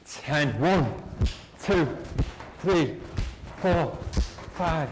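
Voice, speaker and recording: A man teaching a class, leading slow repeat-after-me drills in a clear, encouraging way. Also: on the high side, background noise. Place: classroom with students.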